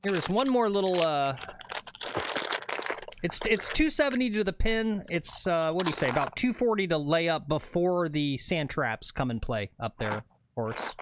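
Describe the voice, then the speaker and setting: A rambling, chatty man hosts a casual livestream, reading out viewer comments between stories. His voice sits a little above the usual male range. Steady noise runs under his voice. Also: fairly high pitch, moderate pace. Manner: chatty, rambling, reads chat aloud. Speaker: livestream host.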